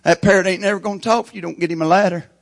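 A preacher voicing an impatient male customer who wants a talking parrot, loud and insistent. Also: high voice, fairly even intonation, very fast, creaky, voice pushed up.

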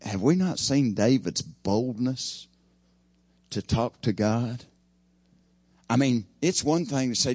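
A man's voice: medium pitch, animated, slow, pauses often, husky, no echo. Folksy preacher man, dry sound. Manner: folksy, swings from loud to hushed. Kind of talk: sermon.

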